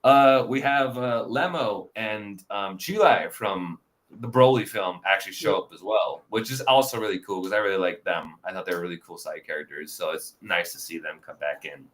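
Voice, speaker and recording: A man's voice: low voice, normal speed, fairly bright tone. A man hosting a casual review chat, rambling with lots of fillers and frequent laughs. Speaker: podcast host.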